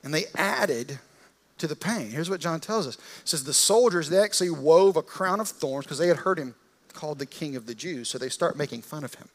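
A man's voice: fairly high pitch, animated, fairly quick. A man preaching a sermon, retelling a story in a casual, vivid, conversational way. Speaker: pastor.

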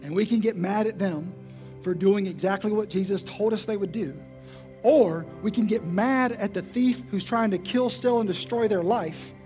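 A man's voice: sits high, moderate pace, a little mellow, soft background music. A male pastor preaching a sermon in an emphatic, repetitive, rhetorical style.

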